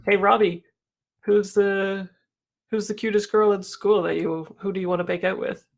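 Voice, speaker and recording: A laid-back, nosy teenager, as a player puts it on. The voice stays flat and gravelly. A figure in a tabletop role-play. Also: medium pitch, normal speed, close to an everyday voice. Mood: teasing. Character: nonchalant teenager in sunglasses.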